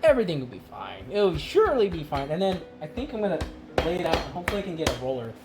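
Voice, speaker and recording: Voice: medium pitch, very animated, racing, over music. A streamer chatting casually while cooking on a live stream, rambling and laughing often. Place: home kitchen.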